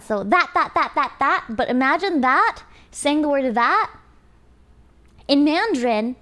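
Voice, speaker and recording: A young adult woman streamer in casual chat with her viewers, animated and giggly. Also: sits high. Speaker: live streamer.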